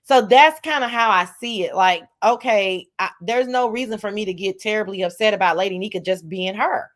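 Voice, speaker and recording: A woman's voice: medium pitch, fairly quick. Sarcastic, profane woman host. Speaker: show host. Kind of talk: casual commentary chat.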